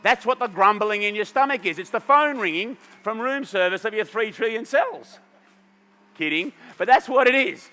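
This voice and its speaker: A middle-aged man runs a lively juicing demonstration before an audience in a big, echoing hall. His high voice is expressive and sharp at a moderate pace. He trades jokes with the crowd and guides his volunteer helpers.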